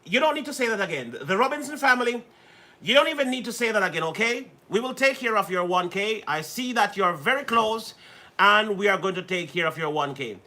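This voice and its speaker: A man's voice: high-pitched, expressive, brisk, sharp tone. A man hosting a livestream in playful, casual chat, repeating himself and laughing often. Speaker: livestream host.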